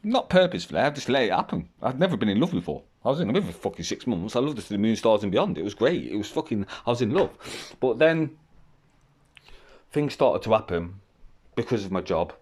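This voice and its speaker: A deep-voiced man recounts his past in a loose, rambling monologue. He is blunt and candid, and he swears constantly as he talks. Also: sing-song, fairly quick, darkish tone, breathy edge. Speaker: vlogger telling his life story. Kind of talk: casual storytelling.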